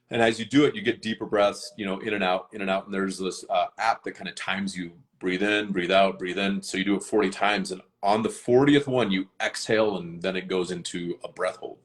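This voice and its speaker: A man's voice: low-pitched, fairly even intonation, normal speed. A man chatting casually on a live stream, earnest and rambling, with many fillers and restarts. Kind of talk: casual chat.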